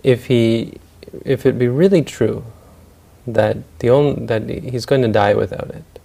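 A man's voice: mid-range voice, a little slow, creaky, dark tone. A man voicing a haughty, stingy rich man in a spoken story, with a lofty, disdainful manner. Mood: condescending.

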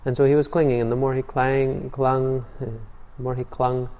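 A man teaching meditation in a Buddhist dharma talk, with calm storytelling. His voice is mellow and dark. He often restarts and repeats words, and the sound trails off into a long hall reverb. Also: medium pitch, moderate pace.

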